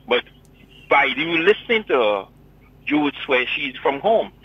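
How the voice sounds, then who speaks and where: A man's voice: on the high side, sing-song, unhurried, breathy edge, dry recording. A man with a Grenadian accent calling in to a radio talk show, chatting in a loose, rambling, teasing way. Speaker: caller. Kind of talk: casual call-in chat. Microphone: telephone. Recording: muffled phone line.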